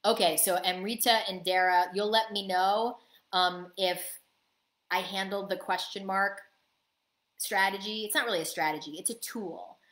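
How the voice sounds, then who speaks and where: A woman's voice: medium pitch, fairly even intonation, normal speed, a bit bright, reverberant. A woman business coach giving a live online coaching talk, answering chat questions and acting out little quoted exchanges.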